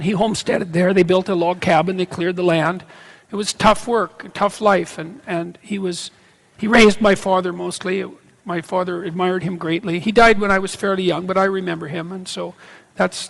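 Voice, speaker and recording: Middle-aged Canadian male lecturer, high gravelly voice, halting live Q&A, hall reverb. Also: fairly bright tone. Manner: halting, restarts often, laughs easily. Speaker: lecturer answering audience questions. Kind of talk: live on-stage Q&A.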